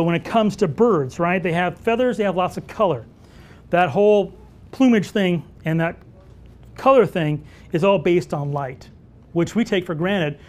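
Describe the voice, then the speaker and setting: A man teaching wildlife photography at a live workshop, telling stories and answering audience questions in an animated way. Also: high voice. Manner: animated storyteller who acts out dialogue.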